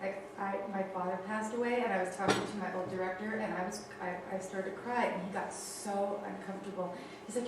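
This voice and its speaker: A woman's voice: mid-range voice, steady tone, a little fast. Woman in a class chiming in, earnest and chatty, far off in a roomy space with background noise. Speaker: training participant. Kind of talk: sharing a personal story in class. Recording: echoey room, far from mic.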